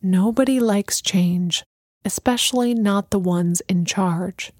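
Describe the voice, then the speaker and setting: A woman's voice: mid-range voice, slow, darkish tone, no echo, studio quality. A woman doing a serene, knowing mystic. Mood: calm, knowing. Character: calm, mystical woman, amused and unbothered.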